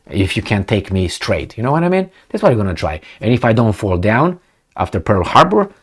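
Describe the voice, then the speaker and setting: Animated blunt man talking politics. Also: on the low side. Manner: animated, blunt, acts out imagined dialogues. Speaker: political commentary host. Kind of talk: casual political commentary.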